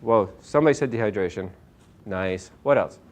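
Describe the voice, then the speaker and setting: A chiropractor with a fairly low voice gives a casual nutrition talk to a small audience in a meeting room, speaking at a normal speed. He is upbeat and energetic, calls himself hyper, and keeps firing questions at the listeners.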